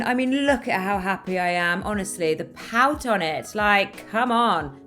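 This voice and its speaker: A chatty young woman talks straight to her viewers in a casual vlog, upbeat and confiding. Her voice sits a little low for a woman. Faint music plays underneath. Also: lively intonation, measured pace, hardly any pauses, pushed and bright. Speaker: beauty vlogger. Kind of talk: casual vlog talk to camera.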